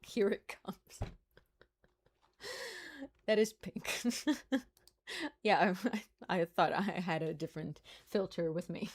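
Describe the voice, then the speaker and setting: Slow-talking woman hosting a livestream. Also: low voice, creaky, darkish tone. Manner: chatty, thanks donors and laughs often. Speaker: livestream host. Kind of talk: casual livestream chat, reading donations.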